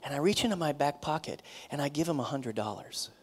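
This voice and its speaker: A man, a pastor, preaching a sermon in a conversational, animated way, often repeating himself. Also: fairly high pitch, fast talker, noisy background.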